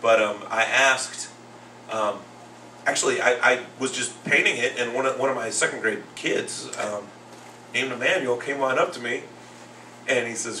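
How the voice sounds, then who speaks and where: A man's voice: medium pitch, moderate pace. A man hosting a casual boxing talk show, telling stories and acting out what others said. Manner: animated storyteller, acts out quotes. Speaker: podcast host and second grade teacher. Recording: roomy echo, far from the mic, faint noise.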